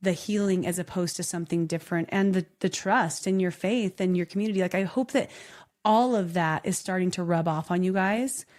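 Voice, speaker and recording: A woman's voice: lowish voice, a little fast, darkish tone. A woman co-hosting a podcast, chatting candidly and telling stories with laughter and animation. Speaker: podcast co-host. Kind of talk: casual podcast chat.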